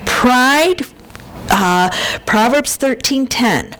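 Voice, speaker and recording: Slow-talking woman telling a humorous sermon story. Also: mid-range voice, animated, a bit bright, poor audio. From Buffalo, New York. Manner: humorous, storytelling, laughs often. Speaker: speaker at a church service. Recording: noticeable background noise.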